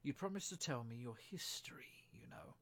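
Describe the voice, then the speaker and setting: A man reading aloud and voicing a curious, polite young girl who speaks earnestly and often softly. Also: medium pitch, animated, normal speed, whispered, natural voice.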